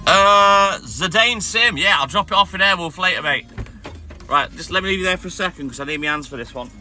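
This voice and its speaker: A man's voice: sits high, brisk, bright, forceful tone, soft background music. A man, a milkman streaming live from his van on his round, grumbling and swearing as he chats to viewers and his dog. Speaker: livestreaming milkman. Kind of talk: casual live-stream chat.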